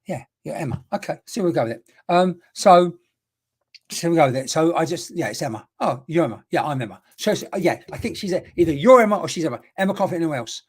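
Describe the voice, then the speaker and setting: A woman's voice: low-pitched, lively intonation, quick pace, husky. Chatty woman medium greeting viewers. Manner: chatty, repetitive, greets viewers by name with endearments. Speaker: spiritual medium. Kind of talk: live-streamed mediumship reading.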